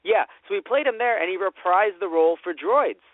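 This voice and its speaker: A man's voice: high-pitched, expressive, brisk, dry recording. A man co-hosting a casual podcast chat, rambling and slipping into brief mock voices. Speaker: podcast co-host. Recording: dry, phone-like lo-fi audio.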